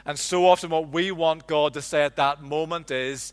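A man preaching a sermon, telling the story with lively ups and downs and dropping to a hush for quiet lines. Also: on the high side, moderate pace, few pauses, smooth. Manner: animated storytelling, drops to a hush on quotes. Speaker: pastor.

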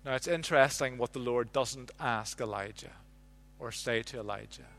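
A man preaching a sermon, telling the story with lively ups and downs and dropping to a hush for quiet lines. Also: medium pitch, normal speed, creaky. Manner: animated storytelling, drops to a hush on quotes. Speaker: pastor.

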